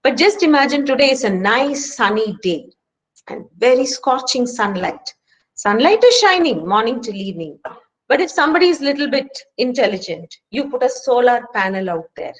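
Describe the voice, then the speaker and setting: A woman's voice: on the high side, sing-song, moderate pace, poor audio. A woman with an Indian English accent leading a stress management workshop and speaking earnestly, with emphatic rhetorical questions. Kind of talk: online workshop lecture. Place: home, speaking remotely.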